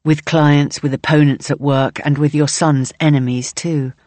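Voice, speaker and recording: A woman reading a novel aloud in measured, present-tense audiobook narration. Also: low voice, steady tone, darkish tone, dry recording.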